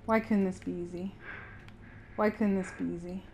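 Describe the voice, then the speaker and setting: A woman giving anxious let's-play commentary, yelping and shouting at enemies. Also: medium pitch, steady tone, moderate pace, slight background noise. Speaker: gaming streamer.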